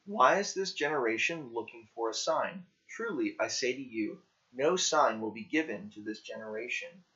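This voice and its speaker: A man reading the quoted words of a calm male teacher who questions his followers, in a plain, earnest way. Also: medium pitch, moderate pace. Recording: dull lo-fi recording.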